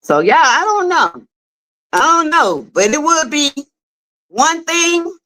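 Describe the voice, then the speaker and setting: A woman with a Southern US accent giving animated, casual livestream commentary on a web skit series, talking straight to viewers. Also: high voice, takes it slowly. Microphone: streaming setup.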